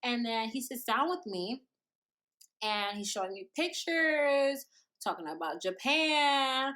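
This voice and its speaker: A young woman telling a storytime vlog story in an animated, dramatic, slangy way. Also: on the high side, takes it slowly. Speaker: vlogger.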